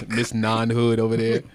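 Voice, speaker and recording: A man co-hosting a talk radio show, excitable and teasing, laughing often in casual banter. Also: mid-range voice. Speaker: radio co-host.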